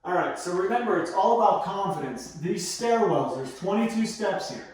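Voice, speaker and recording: A man working as a dog trainer, explaining his methods in a casual instructional way and coaxing the dog with high, sing-song praise. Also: lively intonation, moderate pace, darkish tone. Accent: Western Pennsylvania. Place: outdoors on walks, then indoors in a stairwell. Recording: echoey, distant camera audio.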